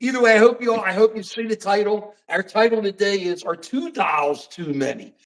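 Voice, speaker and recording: Animated, rambling older male host. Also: high-pitched, fairly quick, rough recording. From United States. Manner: animated, rambling, acts out dialogue. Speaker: podcast host. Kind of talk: casual political talk show.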